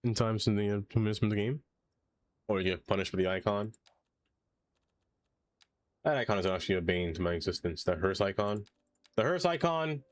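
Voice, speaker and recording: A man's voice: on the low side, steady tone, a little fast, pauses often, a little hiss or hum. A man streaming a city-building game, chatting casually and joking to himself as he plays. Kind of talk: casual gameplay commentary.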